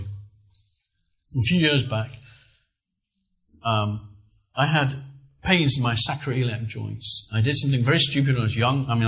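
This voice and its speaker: Guy preaching, middle-aged, earnest storyteller, mid pitch voice. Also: poor audio. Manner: earnest storytelling with lively emphasis. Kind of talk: sermon.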